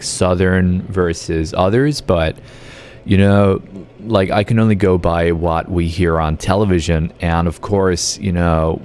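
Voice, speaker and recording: Aussie guy streaming a truck game, deep voice, rambles to chat, bit of faint hum behind. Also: darkish tone. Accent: Australian. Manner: rambling, answers chat with filler words. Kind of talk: casual live-stream chat.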